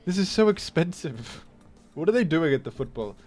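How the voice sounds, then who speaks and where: Faint music sits behind a young man whose higher-pitched voice swings widely in pitch at a moderate pace. He jokes and rambles casually through his live game stream, exclaiming loudly at surprises.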